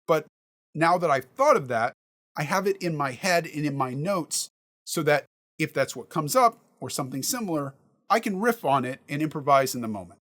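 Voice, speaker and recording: Man, game master, casual how-to talk, reasons aloud, somewhat high pitch. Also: animated, normal speed, fairly bright tone. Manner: thinks aloud, reasons through examples. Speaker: dungeon master giving prep advice.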